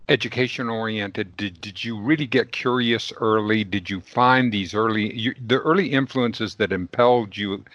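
A man's voice: lowish voice, fairly bright tone, dry recording, lo-fi sound. Effusive male interviewer, dry sound. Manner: effusive, wordy questions with restarts. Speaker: interviewer, host. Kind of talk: casual interview.

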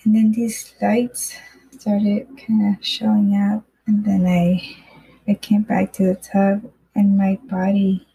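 A woman's voice: medium pitch, flat delivery, slow pace, creaky, dark tone, husky, poor audio. A young woman rambling candidly through a personal story on a podcast, with lots of fillers and swearing. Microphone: phone mic.

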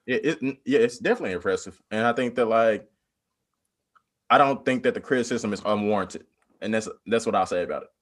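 A man's voice: on the low side, brisk. A man in casual podcast discussion, rambling with many "like" fillers and bursts of animation.

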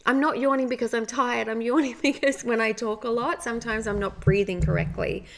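A woman hosts a casual motivational podcast, chatting quickly in a fairly high, steady voice with vocal fry. She keeps dropping in "like" and "right?".

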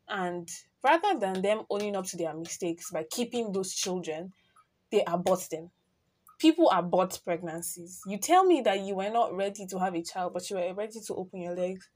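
A teenage girl with a Nigerian accent talks straight to her listeners in a casual solo podcast. She is chatty and earnest, jumping from loud bursts to quiet, soft asides. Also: mid-range voice. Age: teens. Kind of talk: casual personal monologue.

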